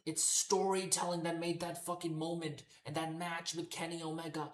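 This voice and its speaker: A man's voice: a little high, little pitch movement, moderate pace, few pauses. A man hosting a wrestling commentary show, ranting in an exasperated way and swearing constantly. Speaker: wrestling podcast host. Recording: echoey roomy recording.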